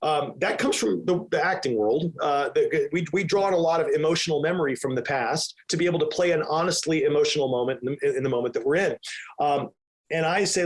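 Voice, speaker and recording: Man, podcast guest, energetic, emphatic, slightly raised pitch. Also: brisk. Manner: energetic, emphatic, acts out his own inner voice. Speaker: real estate team leader, podcast guest. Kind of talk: podcast interview answers.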